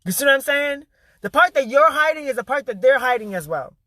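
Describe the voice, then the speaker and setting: Intense, high, bright-voiced male motivator. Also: expressive, fairly quick, no echo. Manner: intense, emphatic and profane, repeating key phrases. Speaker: spiritual motivational speaker. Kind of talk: motivational vlog monologue.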